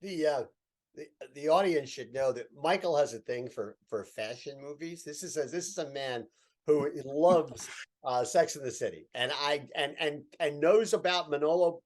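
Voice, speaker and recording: A man's voice: fairly high pitch, moderate pace. A man co-hosting a casual chat, explaining points with emphatic runs of parallel phrases. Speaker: co-host.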